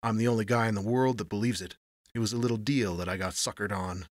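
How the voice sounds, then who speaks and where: A man's voice: lowish voice, steady tone, quick pace, no echo, studio quality, close to an everyday voice. A man voicing a wary, sardonic gangster in an audiobook, with clipped, snarling tough-guy talk. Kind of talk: audiobook reading.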